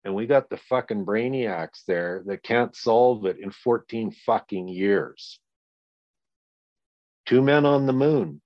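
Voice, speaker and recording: A man's voice: medium pitch, no room sound. An older man telling a story as a podcast guest, blunt, indignant and swearing freely. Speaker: guest, father of a murder victim. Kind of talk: impassioned storytelling in a podcast interview. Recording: dull lo-fi dry recording.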